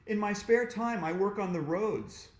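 Man reading as an upbeat, teasing female dentist, fairly high, echoey room. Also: animated, a little slow. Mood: cheerful. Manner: cheerful, teasing. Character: cheerful, teasing woman dentist.

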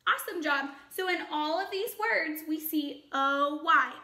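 A woman teaching a children's phonics lesson, upbeat and encouraging, sounding out words slowly and clearly. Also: high voice, bright, forceful tone.

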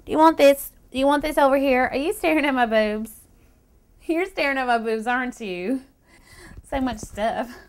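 A woman's voice: high-pitched, moderate pace. A woman playing a pampered, crude fashion stylist who whines and swears, in an improvised audition. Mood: whiny. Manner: self-absorbed, swearing, whiny.

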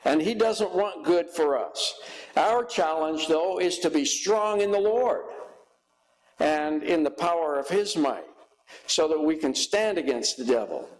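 A guest pastor, a man, preaching a sermon in a church, slow and halting with frequent fillers. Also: on the high side, expressive, poor audio.

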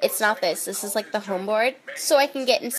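A woman's voice: mid-range voice, brisk. Stuffy-nosed, tipsy young woman. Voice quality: stuffy and nasal. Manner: goofy, rambling and chatty. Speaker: makeup artist. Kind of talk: casual drunk phone vlog. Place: at home. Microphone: phone camera.

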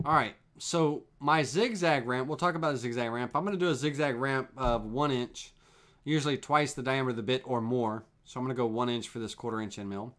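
A man walks viewers through CNC toolpath settings on a live stream. He talks in an easygoing way, repeats phrases as he clicks through the software, and uses plenty of fillers. His voice sits at an ordinary middle pitch. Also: brisk. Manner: relaxed, repetitive explaining with fillers. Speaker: CNC woodworking instructor.

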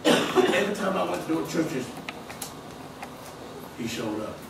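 A man preaching a fiery sermon, driving his points home with shouts and repeated phrases. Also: a little high, sing-song, a little slow, vocal fry, very noisy. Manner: preaches with rising shouts and emphatic repetition. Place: church hall. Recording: echoey hall, mic from far off.

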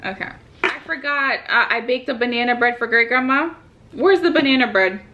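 A woman's voice: fairly high pitch, pushed and bright, dull audio. A young woman vlogging from a hotel room while telling a story to family on a phone video call. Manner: chatty storytelling, quick laughs. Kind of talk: casual video call chat.

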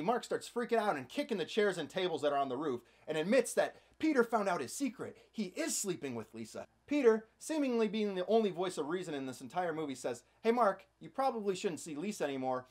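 A man's voice: high voice, very animated, fast, hardly any pauses. A man hosting a comedic movie recap, narrating with sarcastic, playful asides. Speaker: host.

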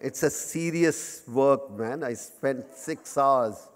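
Speaking slowly in a mid-range voice, a man in his fifties with an Indian accent gives a funny, self-deprecating memorial lecture in plain English sprinkled with Hindi. The live audience sits in a large lecture hall whose long reverb colors the recording.

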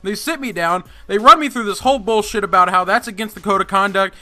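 A man's voice: high-pitched, fast. A young man hosting a gaming channel, telling a story in an indignant, swearing rant. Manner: animated, indignant ranting with heavy swearing. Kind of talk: storytime vlog over gameplay.

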